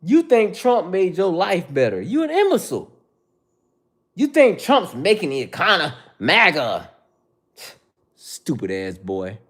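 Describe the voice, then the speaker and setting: A man on a casual livestream talks back to his chat in a mocking, profane, confrontational way. His voice sits high and swings widely in pitch as he jeers at commenters. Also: huge pitch swings, normal speed, fairly bright tone, breathy edge. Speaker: host answering viewer chat.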